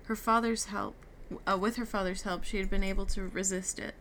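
Gravelly woman reading a story aloud. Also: mid-range voice, fairly even intonation, brisk, fairly bright tone, a little hiss or hum. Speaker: reader. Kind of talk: audiobook reading with character dialogue.

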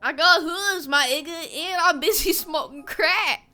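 A woman puts on a brash male cartoon donkey, loud and laughing through a drawl. The voice sits high and bright, and the words come slow and stretched. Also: faint music behind, heavily acted. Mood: rowdy.

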